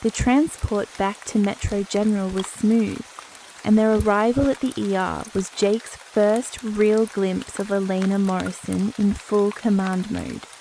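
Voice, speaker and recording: A woman narrating a spicy romance sleep story in a calm, even reading voice. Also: medium pitch, a little slow, slight background noise, poor audio.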